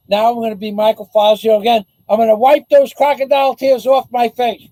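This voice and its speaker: High-voiced sarcastic man vlogging. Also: level tone, brisk, hardly any pauses, dark tone, dry recording, rough recording. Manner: sarcastic, rambling, taunting. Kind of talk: casual mocking chat to camera.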